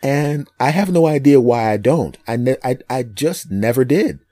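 A middle-aged man from Philadelphia with no regional accent, hosting a casual chat and telling stories with lots of laughter and quick character voices. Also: medium pitch, crowd noise. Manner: animated storyteller, slips into funny voices, laughs a lot. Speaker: podcast host and comedian.

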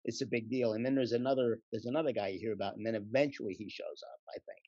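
A man with a husky voice tells behind-the-scenes stories in a loose, rambling, relaxed way and laughs along. The sound is dry and a little dull. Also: medium pitch, quick pace, no echo. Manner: relaxed, rambling, laughs while telling anecdotes. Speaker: guest actor. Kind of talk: casual interview storytelling.

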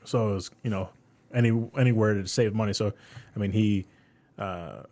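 A man's voice: lowish voice, moderate pace, darkish tone. A man in his thirties chatting casually, rambling through stories with lots of fillers. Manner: rambling storyteller with many fillers. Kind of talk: casual chat.

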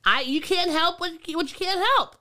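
A woman's voice: very high voice, normal speed, bright, forceful tone. A young woman co-hosting a casual podcast, chatty and laughing often. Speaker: podcast co-host. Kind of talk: casual chat.

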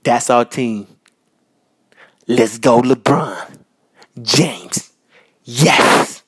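A man from Minnesota hosting a podcast, talking casually and giving loud, repetitive shout-outs full of slang. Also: medium pitch, extremely slow, husky. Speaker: podcast host. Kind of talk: casual solo podcast monologue. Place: North Minneapolis.

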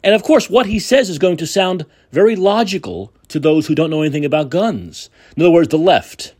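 A man's voice: on the high side, lively intonation, brisk, darkish tone, husky. A man hosting a political talk show, delivering a combative, sarcastic monologue with profanity. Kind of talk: opinionated monologue.

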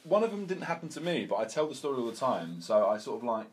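Young guy, chatty podcast host, super lively up and down voice, laughs a lot. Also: medium pitch, quick pace. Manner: animated, laughing anecdotes, lots of "like" and "mate". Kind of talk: casual chat, storytelling.

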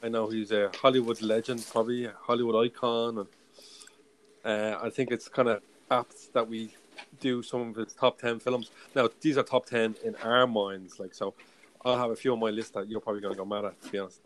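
A man hosting a casual podcast chat, chatty and quick to laugh. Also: fairly low pitch, little pitch movement. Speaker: podcast host.

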